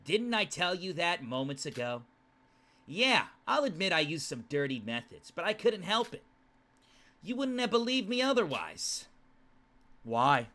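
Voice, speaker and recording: A man reading the lines of a blunt, scheming young male student from a game, in a flat reading voice. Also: on the high side, a little slow, full character voice. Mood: matter-of-fact.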